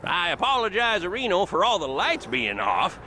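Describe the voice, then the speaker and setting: A man's voice: sits high, wildly swooping pitch, normal speed, pushed and bright, a little hiss or hum, heavily acted. A man voicing a folksy, chummy small-town sheriff in a video game, tacking a silly suffix onto his words. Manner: folksy drawl, tacks "erino" onto words. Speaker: game character.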